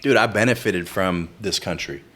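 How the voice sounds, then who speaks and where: A man talking as a podcast guest, relaxed and agreeable, often chiming in with "yeah.". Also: deep voice, moderate pace. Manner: laid-back, agreeable, lots of "yeah". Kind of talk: casual podcast chat.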